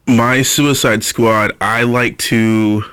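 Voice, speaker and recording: A man's voice: medium pitch, steady tone, takes it slowly, fairly bright tone, clear, resonant tone, dry recording. A man chatting casually and enthusiastically in a vlog about his game, with frequent fillers. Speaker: Pokemon Go YouTuber.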